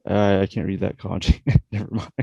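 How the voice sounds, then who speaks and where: A man co-hosting a podcast in casual chat, speaking hesitantly and haltingly. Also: lowish voice, completely flat delivery, creaky, mellow, husky, no room sound, highs cut off. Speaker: podcast co-host.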